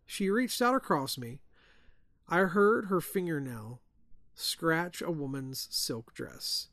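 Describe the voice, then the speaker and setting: Male host reading a ghost story, slightly high voice, very dry close sound. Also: lively intonation, slow, fairly bright tone, no room sound. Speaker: podcast host.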